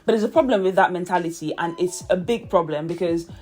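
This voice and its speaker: A woman's voice: fairly low pitch, fast, darkish tone, soft background music. A young woman from Nigeria who speaks with a British English accent, talking casually and thoughtfully to camera as a vlogger, with many fillers and light laughs. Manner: chatty and reflective, with frequent fillers and laughs. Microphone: camera mic, talking to camera.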